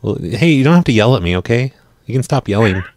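A man hosting a live radio show and making prank phone calls, speaking deadpan and often stumbling over his words. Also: medium pitch, fast. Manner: deadpan, stammers and repeats words. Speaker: prank-call radio host.

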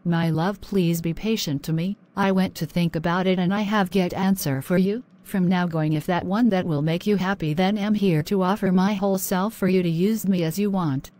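Woman doing a sweet naive church girl in a cartoon, earnest and pleading, lowish voice. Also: fairly even intonation, normal speed, few pauses, dark tone, natural voice. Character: naive young Christian woman, trusting then heartbroken. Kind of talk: amateur animation voice acting.

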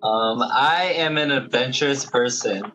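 A man's voice: mid-range voice, a little slow, loud music behind the voice, low-quality recording. A teenage boy reading his list aloud over a video call, hesitant and full of ums. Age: teens. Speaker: student volunteer.

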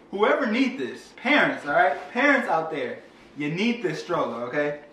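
A young dad unboxing on a phone camera, his voice bouncing around a roomy space. He sits a bit back from the mic with faint ambience behind him. His tone is lively and hyped, with a slightly high pitch and playful asides to his viewers. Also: recorded from a distance, noisy background. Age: young adult. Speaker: father and vlogger reviewing a product. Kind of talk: excited unboxing vlog talk.

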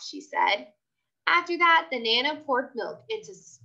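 A high, bright woman's voice reading a children's chapter book aloud, swooping up and down with lots of expression. She sounds like a teacher reading to her class. The recording is a bit dull and lo-fi. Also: lively intonation, normal speed, gravelly. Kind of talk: read-aloud storytelling.

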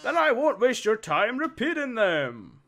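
A man voicing a flamboyant male robot game-show host with a melodramatic, drawn-out sarcastic delivery. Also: very high voice, wildly swooping pitch, pushed and bright, faint music behind, exaggerated voice. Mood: taunting.

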